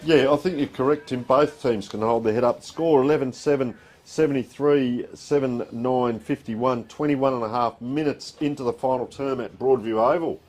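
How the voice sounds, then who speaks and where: Man, Australian accent, live footy commentary, relaxed, chatty, middle pitch. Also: normal speed, hardly any pauses. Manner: relaxed, chatty play-by-play with score calls. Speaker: football commentator. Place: outdoor community football ground.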